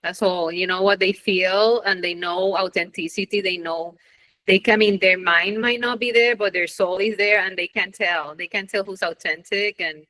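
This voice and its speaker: A woman's voice: mid-range voice, steady tone, moderate pace, sharp tone, rough recording. Heartfelt woman guest telling stories. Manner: heartfelt, storytelling. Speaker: art therapist guest. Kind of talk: casual podcast conversation.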